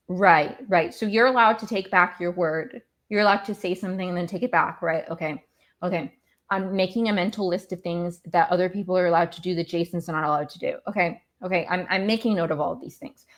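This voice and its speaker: A woman podcast host with a fairly low voice talks a little fast while recapping a reality show. She is casual, rambling, and exasperated, frequently going off on tangents.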